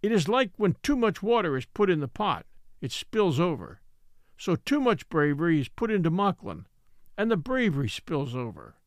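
A man voicing a patient old native man who tells his story slowly and solemnly in formal, old-fashioned speech. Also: fairly high pitch, big pitch swings, no echo, clean studio sound.

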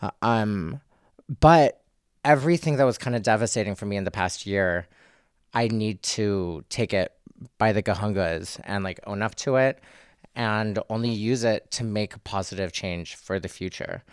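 A man's voice: fairly low pitch, moderate pace, clean tone, no echo. Man co-hosting a casual podcast, candid and reflective, resonant voice, close dry mic. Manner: candid, reflective, swears freely.

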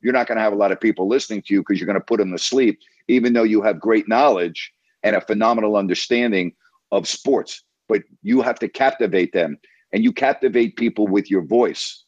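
Emphatic lower-voiced male sports radio host. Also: fairly quick, no echo, lo-fi sound. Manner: emphatic, repetitive, lecturing. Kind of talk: coaching a caller on air.

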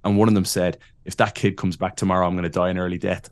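A man in his thirties with an Irish accent, a podcast guest telling lively, self-deprecating stories and laughing often. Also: low-pitched, quick pace, very noisy. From Ireland. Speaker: podcast guest, wrestling announcer. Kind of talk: casual interview storytelling.

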